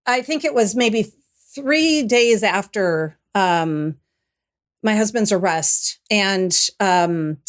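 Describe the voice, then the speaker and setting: A middle-aged woman, a guest on an interview show, telling a personal story in a reflective way that turns animated as she retells it, often restarting her sentences. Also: mid-range voice, slow pace.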